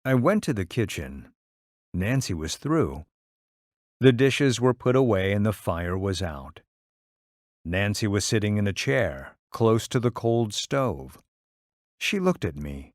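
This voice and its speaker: Guy reading a story aloud, low voice, slow, lots of ups and downs, dry close sound. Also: dry recording. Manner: measured, even storytelling. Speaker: story reader. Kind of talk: audiobook reading of a short story.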